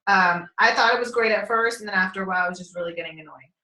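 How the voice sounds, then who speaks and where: Racing along in a bright, forceful, medium-pitched voice, a woman chats casually on a group call, rambling with frequent laughter and casual swearing. She's a team member heard over a conference call line, and the room echoes.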